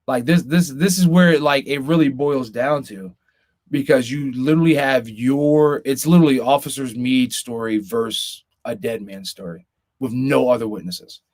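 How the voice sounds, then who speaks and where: A man's voice: mid-range voice, moderate pace, a little mellow. A man co-hosting a casual podcast, talking earnestly and with concern, often stumbling and restarting his sentences. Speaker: podcast co-host.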